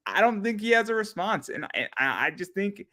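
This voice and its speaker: A man's voice: sits high, sing-song, fairly quick, pushed and bright. Profane, rambling man hosting a chat show. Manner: profane, rambling, repeats words. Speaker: podcast host. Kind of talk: casual chat.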